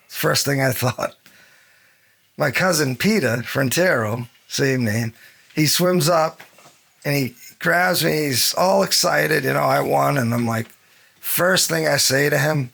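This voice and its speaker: A man, telling his story in a documentary interview, animated and acting out the voices of people in it. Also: medium pitch, a little slow, gravelly. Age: 50s. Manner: animated, acts out quoted dialogue, chuckles between beats. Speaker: interviewee, former champion. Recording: soft music bed under the voice.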